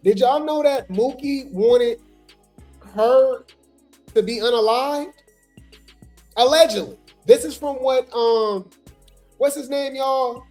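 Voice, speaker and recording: A woman's voice: high-pitched, slow pace, long pauses, darkish tone, faint music behind. A woman hosting a casual gossip commentary livestream, talking straight to her viewers. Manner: chatty, talks straight to the viewers. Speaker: host of a gossip commentary show.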